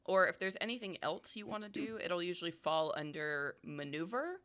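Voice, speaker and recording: A woman's voice: on the low side, expressive, moderate pace, fairly bright tone, clean tone. A woman narrating and explaining rules as game master of a tabletop horror game, in a chatty, explanatory way with many fillers.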